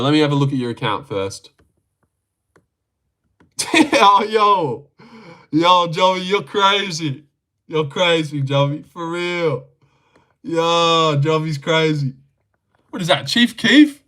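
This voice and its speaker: A young man from Australia, hosting a live chat about fights, teasing viewers and swearing freely. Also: bright, forceful tone. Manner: teasing, swears freely, jumps up in pitch when mocking. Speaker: livestream host reading chat.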